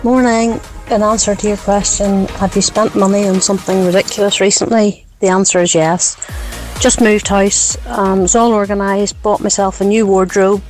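A woman's voice: medium pitch, a little mellow, poor audio. A woman telling a story in a clipped, matter-of-fact way in a voice note to a radio show. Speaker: caller.

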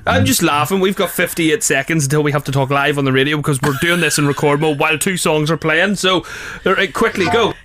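A man's voice: on the high side, quick pace, bright, forceful tone, slight background noise. A man hosting a radio show, bantering casually and teasingly with his co-host in a studio, laughing often. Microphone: studio microphone.

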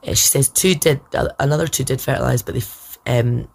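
Low-voiced woman giving a rambling update. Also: a little fast, gravelly. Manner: hesitant, rambling, full of fillers. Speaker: podcast host sharing a personal journey. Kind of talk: personal vlog update.

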